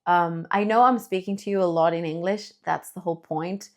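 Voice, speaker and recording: A woman from Spain with a Spanish accent, teaching English pronunciation, stretching words out slowly to model them. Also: on the low side, fairly even intonation. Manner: slow drawn-out modeling of words, then quick explanations. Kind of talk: bilingual language lesson.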